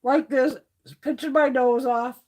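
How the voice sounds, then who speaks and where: A woman's voice: sits high, fairly even intonation, measured pace, darkish tone. A woman hosting a casual livestream chat, swearing freely and laughing through her stories. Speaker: livestream host.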